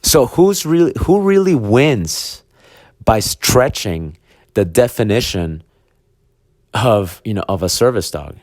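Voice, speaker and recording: A man's voice: lowish voice, lively intonation, slow, darkish tone, dry recording, studio quality. A man, a dog trainer hosting a podcast, talking bluntly and with profanity in a casual monologue, acting out imagined conversations. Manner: blunt, profane, acts out hypothetical dialogue.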